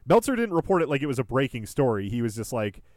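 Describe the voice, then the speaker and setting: A man's voice: medium pitch, big pitch swings, fast, a little mellow, dry recording, studio quality. A man co-hosting a podcast, joking and laughing often in casual chat. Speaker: podcast co-host.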